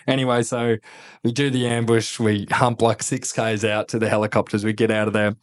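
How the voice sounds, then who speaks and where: A man in his thirties with an Australian accent, a former army officer telling stories in a casual podcast interview, animated and laughing, swearing freely. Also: fairly low pitch, a little fast. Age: 30s. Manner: animated, laughing, swears a lot, acts out quotes.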